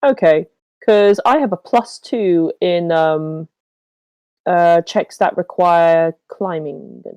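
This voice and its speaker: A woman's voice: fairly low pitch, takes it slowly, a little mellow, smooth, no room sound, muffled recording. A woman playing a tabletop game in casual chat, hesitant, with many ums and cheerful swearing. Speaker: player.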